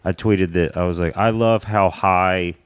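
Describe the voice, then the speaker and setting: Low smooth-voiced Southern man. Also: steady tone, unhurried, no room sound. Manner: frank, reflective, profane. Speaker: guest comedian. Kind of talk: casual chat.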